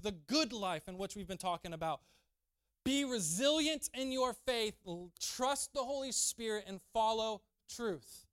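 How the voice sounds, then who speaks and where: A man's voice: high-pitched, fairly bright tone, dry recording, studio quality. A man preaching a sermon, acting out quoted lines and building to emphatic peaks. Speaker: pastor.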